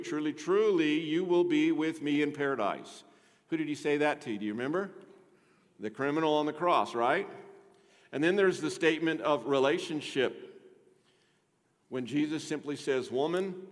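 An older man preaching a sermon as pastor, conversational and rising to emphatic points with rhetorical asides to the congregation. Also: medium pitch. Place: church sanctuary. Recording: long hall reverb.

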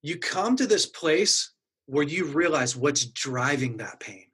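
A man's voice: fairly high pitch, big pitch swings, slow, fairly bright tone, slightly rough. A middle-aged man earnestly telling a personal story in casual conversation, acting out his own inner dialogue. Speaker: guest sharing a personal story.

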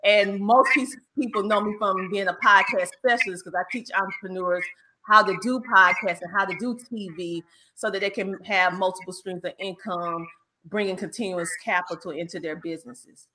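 Southern woman, business coach guest, lively and bright, some faint hiss behind her. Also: mid-range voice. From South Carolina. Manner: animated, laughs often, drawn-out Southern speech. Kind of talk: casual interview chat.

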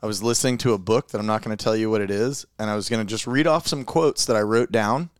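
A man's voice: fairly low pitch, fast, clear, resonant tone, dry recording, studio quality. A man co-hosting a podcast, teasing the others with sarcastic wisecracks. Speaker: podcast co-host. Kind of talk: casual chat.

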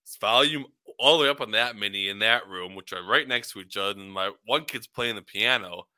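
A man in his forties with a lowish but very sharp, bright voice, grumbling wryly in a casual podcast chat. He restarts his sentences often. The recording is dry and close. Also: a little fast, dry recording. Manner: dry, wry complaining with many restarts. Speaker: podcast co-host.

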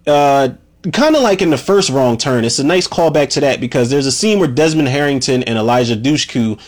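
A man's voice: mid-range voice, expressive, fairly quick. A man casually recapping a movie scene by scene, rambling and swearing freely, with lots of "you know" and "man". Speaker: movie reviewer.

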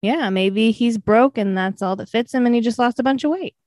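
A woman's voice: a little high, fairly quick, a little mellow, dry recording. A woman hosting a casual podcast, blunt and joking, swearing freely. Her voice sits in a middle range and sounds dry and close. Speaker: podcast host. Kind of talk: casual conversation.

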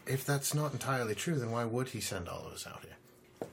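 A man playing a tabletop role-playing game who asks casual, deadpan questions. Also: medium pitch, brisk, creaky, slight background noise. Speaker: player.

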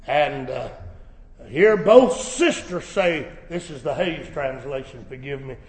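A man preaching a sermon, swelling into shouted emphasis, recorded in a church sanctuary. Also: high voice, expressive, measured pace. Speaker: pastor. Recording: echoey church hall.

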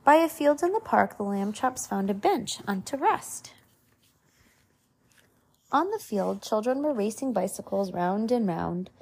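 Mother reading a children's book aloud at home; husky, gravelly tone, patient asides. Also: mid-range voice, expressive, unhurried. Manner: gentle, explains the story as she reads.

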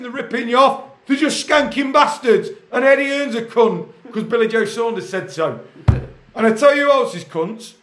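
In an echoey kitchen, a man with a very high-pitched voice hosts a casual football chat, ranting loudly and swearing nonstop. He's a podcast host who also coaches grassroots football.

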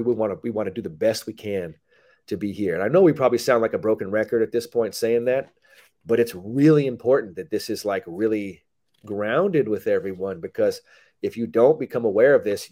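Blunt, animated man who swears. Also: fairly low pitch. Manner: blunt and animated, swears freely, acts out quotes. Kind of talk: casual podcast conversation.

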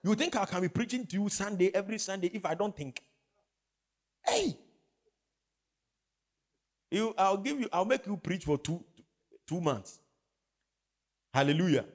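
A man's voice: sits high, lively intonation, brisk. A man preaching a sermon, emphatic, with call-and-response questions. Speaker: pastor.

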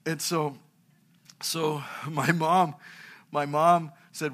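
A middle-aged pastor delivers a sermon with a forceful, bright tone and a fairly high pitch for a man. He preaches through funny, personal anecdotes. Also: flat delivery, slow pace, long pauses. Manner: anecdotal, humorous storytelling.

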